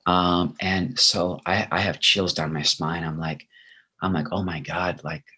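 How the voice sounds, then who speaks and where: Deep husky man telling his story. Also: fairly even intonation, measured pace, pushed and bright. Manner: earnest, heartfelt, reflective. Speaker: interview guest, actor. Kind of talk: personal storytelling in conversation.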